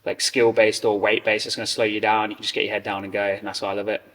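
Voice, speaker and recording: Male podcast co-host, lowish voice, relaxed and jokey, distant mic in a reverberant room. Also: fast talker. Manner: easygoing, short agreeing interjections, joking. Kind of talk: casual fitness chat.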